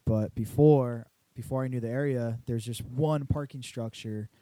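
Young guy, casual storyteller, mellow dark voice, dry close sound, swears freely. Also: mid-range voice, normal speed, dry recording. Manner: profane storyteller, animated retelling. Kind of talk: casual chat.

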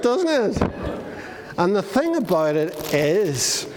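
A man giving a children's talk in church, telling a story and asking the children questions. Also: sits high. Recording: reverberant hall.

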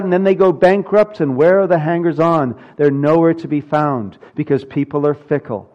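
A man's voice: on the high side, normal speed, few pauses, a little mellow, lo-fi sound. A man preaching a sermon from the pulpit, earnest and building to emphatic peaks. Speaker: pastor.

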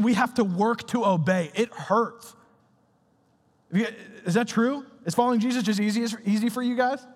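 A young man preaching a sermon in a casual, slangy, conversational way. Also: high voice. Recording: reverberant hall.

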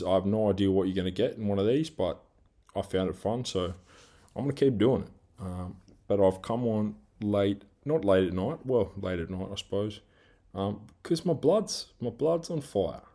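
A man's voice: on the low side, normal speed, warm tone. An Australian man hosting a solo podcast, ranting angrily with lots of swearing and rambling asides. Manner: angry, heavy swearing, rambling rant; self-described big guy who coaches team training. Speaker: podcast host.

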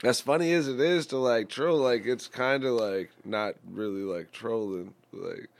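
A young man co-hosting a casual comedic chat, loose and laughing, slipping into quick voices for bits. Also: medium pitch, gravelly. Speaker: podcast co-host.

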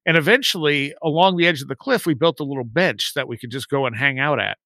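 A man's voice: fairly high pitch, quick pace, no room sound. Chatty man telling a spooky story. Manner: rambling, animated when quoting friends. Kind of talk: casual storytelling on a podcast.

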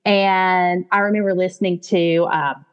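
Southern woman in her forties, low voice. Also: measured pace, clear, resonant tone, lo-fi sound. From American South. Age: 40s. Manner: warm storytelling, animated, quotes her own thoughts. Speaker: guest, business founder. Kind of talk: podcast interview.

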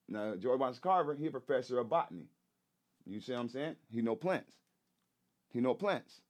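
A rapper and activist appears as a guest on a casual podcast, speaking in an animated mid-range voice at a moderate pace with frequent pauses. His delivery is loose, slangy, emphatic and profane; he repeats points and keeps asking "you know what I'm saying."

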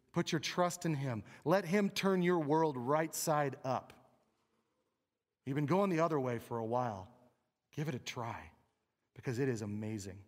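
Pastor preaching easter, kinda high voice, talky and emphatic, long hall echo. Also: male voice. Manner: conversational, emphatic, asks the crowd questions. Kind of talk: Easter sermon. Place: church sanctuary. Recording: long reverb of a large hall.

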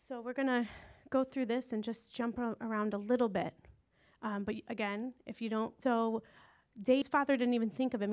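Chatty woman teaching a Bible lesson. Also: on the high side. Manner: chatty and informal, paraphrasing with slang asides. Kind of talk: casual Bible lesson retelling a story.

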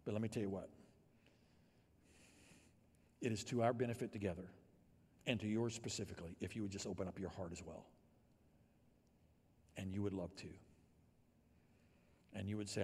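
A male pastor preaching a sermon, swinging from hushed, near-whispered passages to loud, emphatic ones. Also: fairly low pitch, fairly even intonation, brisk, long pauses, breathy edge, long reverb tail.

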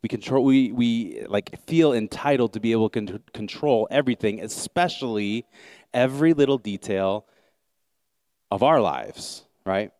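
American man, pastor, conversational sermon, loose and chatty, smooth clear voice, dry close sound. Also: mid-range voice, expressive, normal speed, a little mellow, dry recording. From United States. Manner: casual, conversational, with many fillers and restarts.

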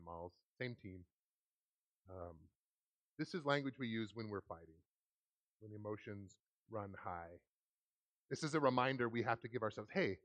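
A man in his thirties preaching a sermon in a church, animated and laughing often as he acts out quoted lines. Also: medium pitch, gravelly. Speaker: pastor. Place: church hall.

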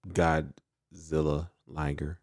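A man casually recapping an anime episode, animated and acting out the characters in quick voices. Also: rumbling low. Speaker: podcast co-host recapping an anime. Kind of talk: casual chat.

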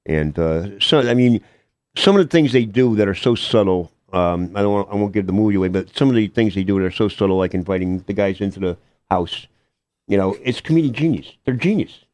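An older man, an actor guest in a casual radio interview, talking haltingly with lots of fillers and restarts. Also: lowish voice, animated, darkish tone, no echo.

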